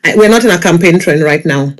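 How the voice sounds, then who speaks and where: A man's voice: a little high, fast. A man joining a live online discussion, apologetic but firm as he scolds another speaker. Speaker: participant in a live audio space.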